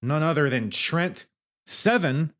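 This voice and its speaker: A man's voice: a little high, animated, slow, a bit bright. A man hosting a podcast, chatting casually and enthusiastically, laughing and swearing as he talks through wrestling matches. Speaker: podcast host.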